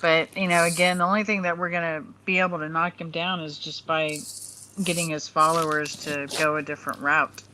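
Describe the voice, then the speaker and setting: A woman on a casual online panel, agreeable and rambling as she thinks out loud. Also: low voice, little pitch movement, a little fast, noisy background.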